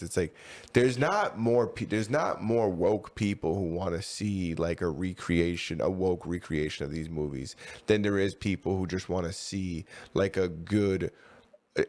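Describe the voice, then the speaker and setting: A man's voice: sits low, darkish tone. A man co-hosting a podcast, talking in a loose, rambling way full of slang and fillers. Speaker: podcast co-host. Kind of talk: casual chat.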